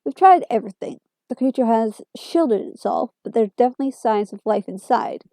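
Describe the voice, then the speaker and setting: A woman's voice: fairly high pitch, lively intonation, fairly quick, mellow, no echo, clean studio sound. A woman voicing an arrogant rich man who collects aliens, boastful and smug.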